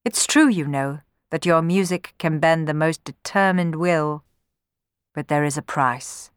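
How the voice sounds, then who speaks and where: Woman reading cheerful male love god, encouraging, lowish, dry sound. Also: measured pace, clear, resonant tone, no room sound. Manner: warm, encouraging. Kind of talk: storybook reading.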